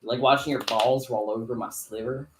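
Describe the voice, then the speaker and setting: Woman, low voice, huge swings, teasing, echoey room, faint hiss. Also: steady tone, moderate pace. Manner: loud, teasing, swings from low mutter to shrieks. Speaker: co-host and player. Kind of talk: casual chat over a card game.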